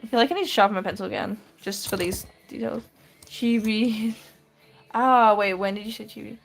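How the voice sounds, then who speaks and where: Soft music plays behind this Australian woman's medium-pitched, gravelly voice as she talks at a moderate pace. Drawing on a live stream from her room, she chats easily with viewers and answers with light laughter.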